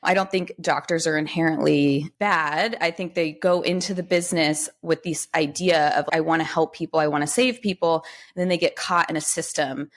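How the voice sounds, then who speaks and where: A woman's voice: normal speed, hardly any pauses. A woman in her thirties, a podcast guest, telling a personal story in casual conversation and acting out the people she quotes. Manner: animated, acts out quoted dialogue with lifted pitch.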